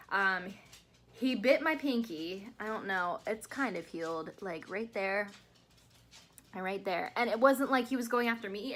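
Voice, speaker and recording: A woman's voice: on the high side, pushed and bright. A young woman telling a rambling, chatty story-time vlog, sounding tired and full of fillers. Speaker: vlogger.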